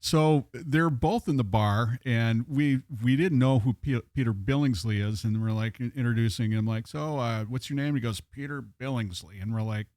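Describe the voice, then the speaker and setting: A man's voice: medium pitch, moderate pace, hardly any pauses, darkish tone, no room sound, studio quality. A man co-hosting a podcast, telling bar stories in a rambling casual way with many fillers. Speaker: podcast co-host. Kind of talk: casual chat.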